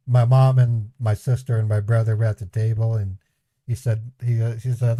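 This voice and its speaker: Man telling rambling stories, mellow voice. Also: lowish voice, level tone, moderate pace, no echo. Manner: rambling, chuckling anecdotes with voiced quotes. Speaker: scambaiting livestream host. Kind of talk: casual storytelling to a live chat.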